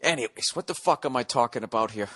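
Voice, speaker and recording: A man's voice: medium pitch, expressive, quick pace, fairly bright tone. A man in his forties from the United States hosting a solo comedy podcast, ranting with sarcasm and constant profanity. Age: 40s. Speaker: podcast host.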